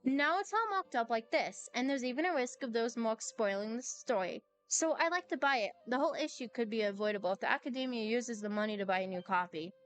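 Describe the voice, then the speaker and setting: A woman reading the lines of an excitable young male architect aloud while playing a game, flustered and dramatic. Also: on the high side, brisk, few pauses, clean tone, faint music behind, lightly acted.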